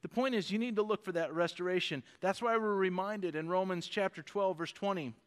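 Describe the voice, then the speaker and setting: Guy pastor preaching, really high voice, smooth and clear, big church reverb. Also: brisk. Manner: animated preaching, acts out voices of God and David. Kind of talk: sermon. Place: church sanctuary.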